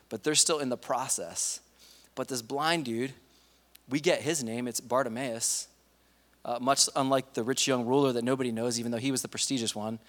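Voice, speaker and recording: A pastor with a mid-range, slightly bright voice preaches in a casual, conversational way, acting out the stories he retells. The recording carries the long reverb of a large hall.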